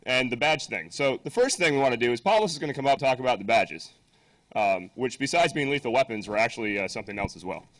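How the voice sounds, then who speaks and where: A man's voice: medium pitch, animated, fast, a bit bright. A man running the closing of a conference from the stage, chatty and loose, swearing casually as he talks. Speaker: conference organizer.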